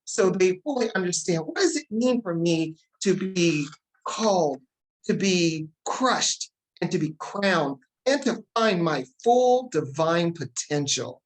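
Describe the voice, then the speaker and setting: Woman talk show host, fast and excitable, emotional, lowish voice. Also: low-quality recording. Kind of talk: enthusiastic talk show hosting.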